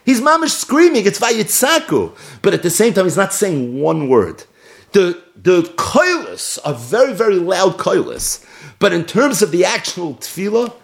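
A man teaching a sacred text, reading Hebrew and Aramaic lines and explaining them in English with Yiddish words. His voice rises for emphasis and drops low for asides. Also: vocal fry. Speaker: Torah teacher. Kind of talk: Talmud-style text study.

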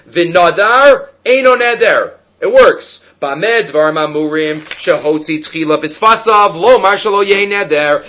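A man teaching a Talmud lesson in an animated, questioning way, mixing Hebrew and Aramaic terms into English. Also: high voice. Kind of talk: Talmud lecture.

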